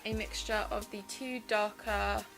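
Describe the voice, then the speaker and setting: A woman's voice: medium pitch, steady tone, unhurried, gravelly, low-quality recording. A young woman in her twenties, chatting enthusiastically as she walks through a makeup tutorial step by step. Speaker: beauty vlogger. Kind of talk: casual makeup tutorial narration. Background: background music.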